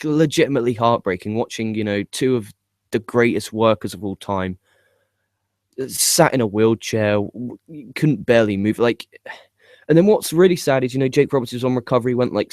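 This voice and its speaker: A young man with an excitable manner, swearing often, stumbling and repeating words as he gives his opinions. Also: fairly low pitch, dry recording, clean studio sound. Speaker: wrestling podcast host. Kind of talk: casual video commentary.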